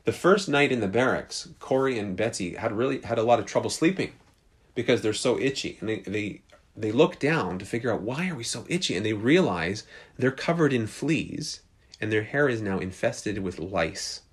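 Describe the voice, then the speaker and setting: A man's voice: on the low side, expressive, moderate pace. A man preaching, telling a story in an earnest way with frequent restarts. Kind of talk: storytelling sermon.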